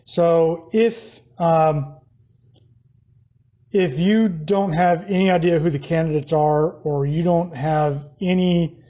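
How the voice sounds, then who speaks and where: A man's voice: fairly high pitch, steady tone, slow pace, dark tone, lo-fi sound. An American man giving a recorded class lecture, explaining plainly with fillers and restarts. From United States. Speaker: teacher.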